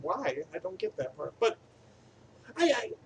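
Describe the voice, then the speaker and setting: A man with a slightly high voice reviews a movie off the cuff, rambling and profane. His delivery lurches from eager, loud enthusiasm to quiet, muttered asides. A faint background hum sits under his voice. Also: sing-song, measured pace, gravelly, poor audio. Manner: enthusiastic, swinging between loud bursts and mumbled asides.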